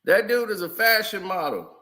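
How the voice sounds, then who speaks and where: A man's voice: sits high, expressive, moderate pace, pushed and bright. A man giving casual, chatty commentary over old photos, laughing often and telling stories in loose slang. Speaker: vlogger.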